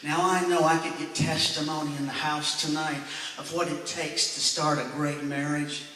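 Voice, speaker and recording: This middle-aged church comedian's voice is fairly high and sharp, with little pitch movement and a moderate pace. He chuckles through funny stories, calls people sir and ma'am, and is recorded from afar in an echoey hall with slight background noise.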